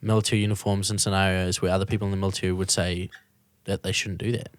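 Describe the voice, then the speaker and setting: Low-voiced New man, casual rambling. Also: flat delivery, quick pace, no room sound. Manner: loose and rambling, lots of restarts and swearing. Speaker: podcast host. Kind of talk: casual chat.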